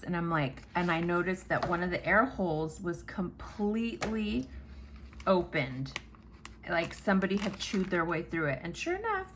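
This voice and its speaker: A woman chatting casually while she sets up a planner, telling a rambling, animated story with some casual swearing. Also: on the low side, slight background noise. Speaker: planner vlogger.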